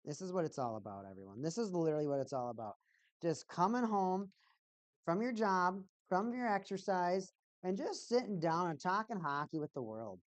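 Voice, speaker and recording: Chatting casually during her hockey watch party livestream, a woman gives play-by-play in a lowish, expressive voice at normal speed. She's playful, rambling and sing-songs repeated phrases, with no echo.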